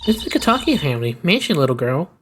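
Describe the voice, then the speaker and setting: A man voicing a husky old gangster wife. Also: fairly high pitch, sing-song, rapid-fire, background noise. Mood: menacing. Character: older gangster's wife woman, icy and intimidating. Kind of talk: fan voice-over dub of a video game. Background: game music.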